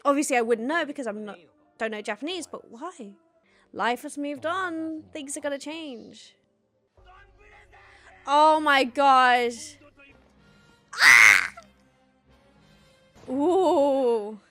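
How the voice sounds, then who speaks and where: A woman's voice: sits high, animated, slow pace, long pauses, bright, forceful tone, soft background music. A woman hosting a reaction video, exclaiming, gasping and laughing as she watches. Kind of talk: excited reaction commentary.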